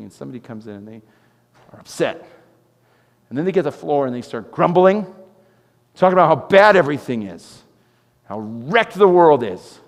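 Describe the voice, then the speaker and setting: A man preaching a sermon as pastor, telling stories with animated swings from loud exclamations to quiet intensity. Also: mid-range voice, in a large hall. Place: church sanctuary.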